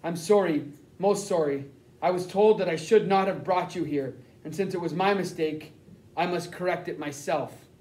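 A man voicing a middle-aged German spy who speaks quietly in stiff, formal phrases. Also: high voice, normal speed, lightly acted. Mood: remorseful. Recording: roomy echo.

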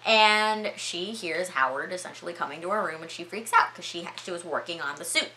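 A young woman vlogger recapping a movie in a chatty, excitable way, full of filler words. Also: on the low side, a little fast, slight background noise.

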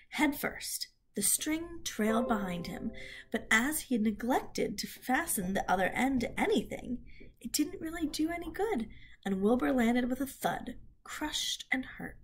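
Woman reading a kids' chapter book aloud, lively tone, bit of vocal fry. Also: fairly high pitch, slight background noise. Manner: expressive storytelling with a few slips. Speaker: reader.

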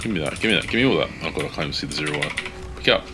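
A man casually commentating his video game play, swearing often and yelling at in-game companions. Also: rumbling low, expressive, rapid-fire, heavy background noise. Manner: swears a lot, shouts at teammates. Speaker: gaming streamer.

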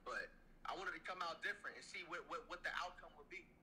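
A basketball player man answering quietly in a laid-back, mumbled way. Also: on the high side, fast talker, a little hiss or hum, rough recording. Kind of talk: casual chat.

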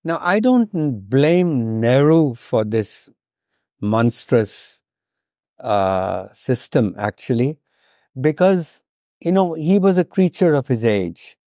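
An older man from India giving a talk, telling a personal story in a slow, deliberate way and voicing the people in it. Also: mid-range voice, lively intonation, dark tone, no room sound, clean studio sound. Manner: slow, deliberate, acts out quoted dialogue.

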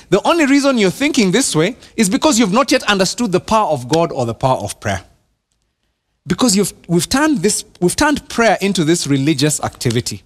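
A pastor with a Kenyan accent preaching a sermon in church, animated, repeating words and dropping to a hush for emphasis. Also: male voice, high-pitched.

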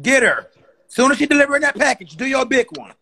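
A young man ranting in a profane, exasperated, fast-talking comedy style. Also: very high voice, sing-song, bright, forceful tone. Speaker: comedy creator.

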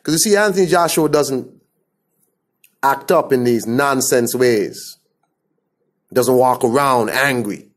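A man's voice: mid-range voice, takes it slowly, pauses often. A man from the Caribbean giving a blunt, scornful opinion rant to camera. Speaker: commentator.

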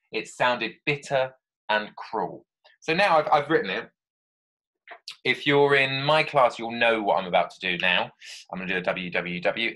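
A man's voice: lowish voice, pushed and bright. A man teaching a children's writing lesson from home, thinking aloud as he drafts and chatting to pupils. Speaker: primary school teacher.

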